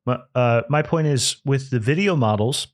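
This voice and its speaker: Male podcast co-host, casual and rambling, medium pitch, dry close sound. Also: moderate pace, dry recording. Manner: rambling, restarts often, laughs easily. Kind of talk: casual chat.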